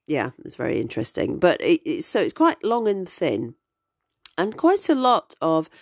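A woman's voice: low voice, a little mellow, no room sound. A middle-aged woman hosting a podcast, telling her own stories in a chatty, digressive way. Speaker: podcast host. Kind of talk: casual storytelling monologue.

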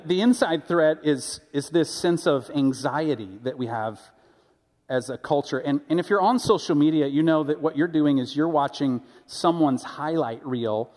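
A pastor preaching a sermon in a conversational, animated storytelling way, often restarting his sentences. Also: on the high side, long reverb tail. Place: church sanctuary.

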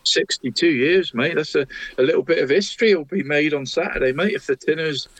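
A man's voice: fairly high pitch, fairly quick, fairly bright tone, no room sound. A man co-hosting a casual local football chat show, jovial and peppering nearly every sentence with "mate".

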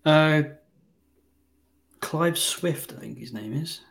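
A man's voice: fairly high pitch, slow pace, vocal fry, a bit bright. A man hosting a casual film review podcast, talking in a blunt, wry way and swearing freely. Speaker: podcast host.

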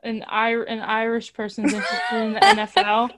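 A woman's voice: a little high, expressive, moderate pace, very noisy. A woman in casual chat, playful and laughing, coaching the others as they read.

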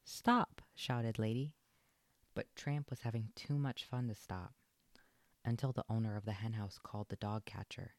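A man narrating a children's storybook aloud in an expressive, lilting read. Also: lowish voice, moderate pace, no echo.

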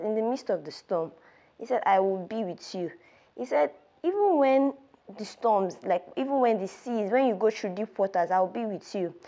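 A woman's voice: lowish voice, darkish tone, dull audio. A young woman hosting a devotional podcast, retelling a Bible story in an earnest, storytelling way with casual asides. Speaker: podcast host.

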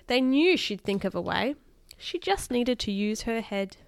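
Clear-voiced woman reading a storybook aloud. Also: fairly high pitch, expressive, measured pace, dry recording, studio quality. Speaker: podcast host reading children's books. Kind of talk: reading a picture book aloud.

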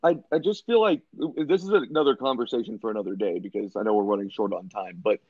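A man's voice: lowish voice, quick pace, dry recording. Man, laid-back sports podcast chat, casual swearing, dry close sound, slightly muffled audio.

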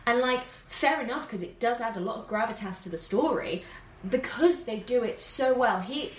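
Animated woman retelling a film. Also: on the high side, echoey room. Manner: animated, fast storytelling with many fillers. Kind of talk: casual chat retelling a film.

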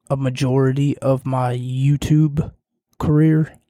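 A man hosting a casual solo podcast, talking in a monotone while losing his voice and sounding hoarse. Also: medium pitch, unhurried, dry recording, studio quality. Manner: monotone delivery. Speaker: podcast host.

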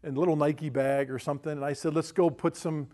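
A man's voice: on the high side, steady tone, quick pace, dark tone. A middle-aged man, a pastor, telling stories in a folksy, chatty sermon with frequent asides to the congregation. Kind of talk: sermon storytelling.

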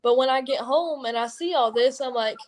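A twenty-one-year-old woman from Kentucky with an Appalachian accent, a wrestler talking loudly and rambling in an interview. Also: sits high, normal speed. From Kentucky, USA. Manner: loud, rambling, self-deprecating. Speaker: professional wrestler. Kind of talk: casual interview chat.

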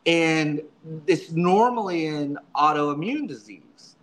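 Man, church subdeacon, interview guest, slightly higher voice, earnest, halting, repeats words. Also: lively intonation, fairly bright tone, poor audio. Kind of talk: casual storytelling in an interview.

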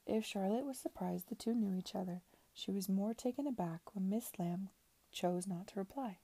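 Hushed gravelly woman reading aloud. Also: medium pitch, moderate pace, no room sound. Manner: soft, hushed narration. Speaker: reader. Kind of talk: whispered reading.

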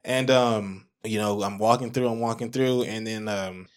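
A man's voice: on the low side, moderate pace, smooth. A man in his twenties, a guest music producer, telling a story in casual chat with lots of fillers like "like" and "you know". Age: 20s. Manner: animated, rambling, heavy use of "like" and "you know".

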